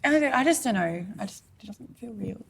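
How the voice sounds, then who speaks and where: A woman with an Australian accent chats as a podcast co-host, her voice a little husky. She talks in a bubbly, rambling way, easily excited. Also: medium pitch, brisk. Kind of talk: casual chat.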